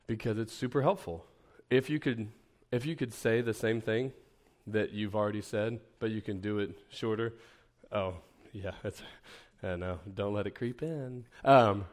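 A man leading an informal teaching session for preachers at a camp, talking conversationally with self-deprecating asides and frequent restarts. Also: lowish voice. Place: camp meeting room.

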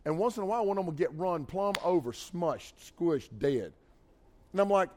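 A middle-aged man preaching a sermon, folksy and animated, with jokey asides. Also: high-pitched, moderate pace. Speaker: pastor. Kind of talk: sermon with storytelling.

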